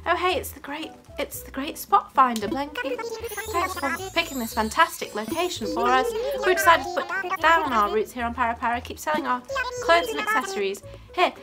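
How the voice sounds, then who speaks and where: A woman's voice: high-pitched, very animated, moderate pace. A woman voicing a chatty, friendly female hedgehog shopkeeper, reading her lines aloud. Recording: game music behind.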